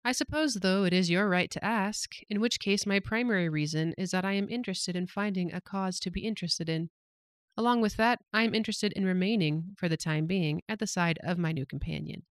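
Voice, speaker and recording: A man voicing a thoughtful, aloof wanderer who speaks in a measured, philosophical way. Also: sits high, no room sound, clean studio sound, pitched above the performer's own voice, close to an everyday voice. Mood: detached.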